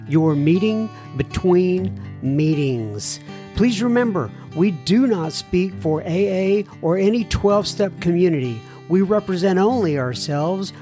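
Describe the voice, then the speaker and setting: This casual podcast intro features a man with a high, darkish voice. As host of a recovery podcast, he chats and rambles, tossing in asides and chuckling along the way.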